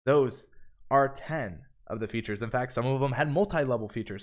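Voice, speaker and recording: A man's voice: medium pitch, expressive, a little fast. A man hosting a live stream tutorial, upbeat, reading viewer comments aloud between explanations. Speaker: livestream host. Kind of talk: live stream tutorial with chat shout-outs.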